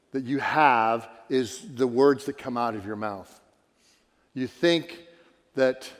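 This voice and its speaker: A man preaching a sermon as a pastor in a church, earnest and conversational, asking his listeners questions. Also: medium pitch. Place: church sanctuary. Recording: church hall reverb.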